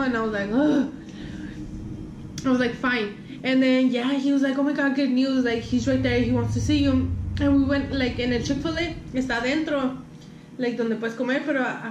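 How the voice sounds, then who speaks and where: A young woman with a high voice rambles through a casual storytime while eating, leaning on fillers and frequent swearing. Her voice bounces around an echoey room, with a faint hum underneath. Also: lo-fi sound. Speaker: vlogger.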